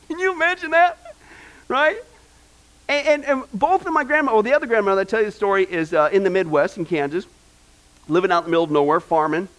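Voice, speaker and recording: A male pastor preaching a sermon, telling family stories in an animated way with many "uh" fillers. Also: high-pitched, racing.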